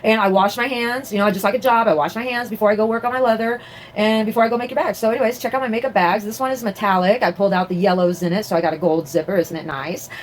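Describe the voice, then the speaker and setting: A woman's voice: medium pitch, steady tone, fast, slight background noise, low-quality recording. A woman vlogging casually from her home, chatting in a rambling way with many fillers and restarts. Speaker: vlogger and crafter. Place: at home, indoors.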